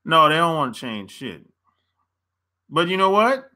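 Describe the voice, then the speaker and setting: A man's voice: a little high, wildly swooping pitch, unhurried, pauses often, bright, forceful tone. An American man, a relationship coach, giving a blunt casual opinion rant to camera and laughing often.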